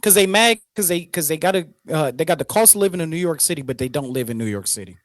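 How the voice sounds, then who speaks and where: A man's voice: a little high, animated, fast talker, no room sound, clean studio sound. A man co-hosting a casual sports debate, blunt and opinionated, talking in slang. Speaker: co-host.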